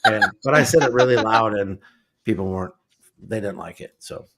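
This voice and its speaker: A man co-hosting a casual podcast chat, telling stories in a lively way. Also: fairly low pitch, normal speed, crowd noise. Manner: lively storyteller, raises his voice when acting out scenes. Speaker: podcast co-host.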